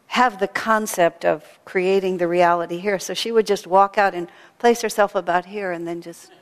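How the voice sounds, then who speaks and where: A woman's voice: fairly low pitch, steady tone, moderate pace. A woman giving a spiritual talk, telling stories with laughter and acting out quotes. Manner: storytelling with laughter and acted-out quotes. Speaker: spiritual speaker. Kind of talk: sermon. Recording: long reverb of a large hall.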